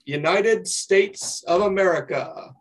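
A man's voice: high-pitched, slow. A man co-hosting a fan podcast, asking a guest playful, joking questions. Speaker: podcast co-host. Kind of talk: casual interview.

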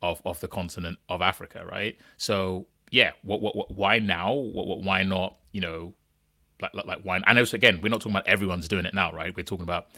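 A man's voice: low-pitched, steady tone, fairly quick, bright, forceful tone, dry recording, clean studio sound. A man hosting a podcast, talking in a rambling, questioning way with lots of restarts and "right?" tags. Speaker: podcast host. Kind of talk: casual chat.

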